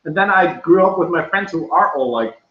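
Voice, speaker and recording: A Dutch man, native Dutch speaker, hosting a casual livestream in English and talking loudly and animatedly. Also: a little high, brisk. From Netherlands. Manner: loud, animated storytelling. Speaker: livestream host. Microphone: computer microphone. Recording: echoey room, dull lo-fi sound.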